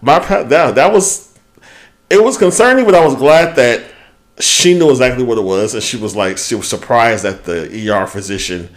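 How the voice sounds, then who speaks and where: A man co-hosting a podcast, telling a story in casual chat, animated and swearing freely as he goes. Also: mid-range voice, moderate pace. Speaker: podcast co-host.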